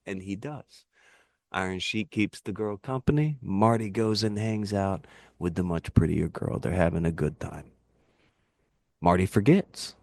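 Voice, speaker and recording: A man in casual podcast chat, telling animated, rambling wrestling anecdotes and laughing at his own jokes. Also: deep voice, unhurried, gravelly, no room sound. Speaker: podcast guest, wrestling YouTuber.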